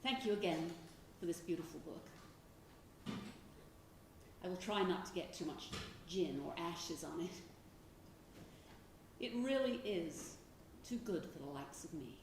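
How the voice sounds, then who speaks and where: A woman's voice: lowish voice, lively intonation, unhurried, long pauses. An actress on a stage playing a witty woman writer who reads out her wry, teasing letters. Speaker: stage actor. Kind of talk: stage play reading letters aloud. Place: theatre stage. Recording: roomy theatre, from far off, faint noise.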